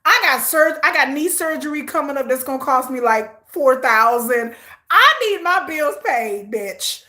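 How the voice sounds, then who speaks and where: A woman's voice: high-pitched, expressive, unhurried, sharp tone. A woman hosting a casual live reaction, commenting sassily on a show and laughing as she talks back at the screen. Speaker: reaction host.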